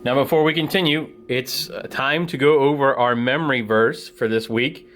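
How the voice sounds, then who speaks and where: A children's ministry teacher telling a Bible story to children in a casual, plain-spoken and animated way. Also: male voice, medium pitch, normal speed, few pauses.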